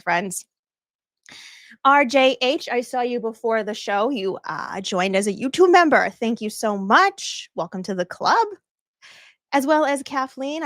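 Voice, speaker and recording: A woman's voice: a little high, dry recording, studio quality. A woman with a Boston accent hosting a casual livestream, bubbly and effusive as she thanks viewers and laughs often. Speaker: livestream host. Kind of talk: casual live-stream chat thanking viewers.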